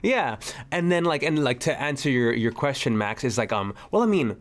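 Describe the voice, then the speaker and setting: A man's voice: medium pitch, lively intonation, moderate pace. Young man rambling on a podcast. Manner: rambling, searches for words. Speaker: podcast co-host, actor. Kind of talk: casual podcast chat.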